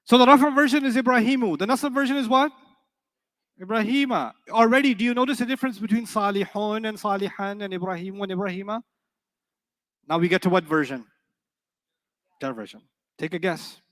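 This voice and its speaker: A man's voice: sits high, fast, fairly bright tone, long reverb tail. A man teaching an Arabic grammar class, playful and joking while he quizzes the students. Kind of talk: classroom lecture.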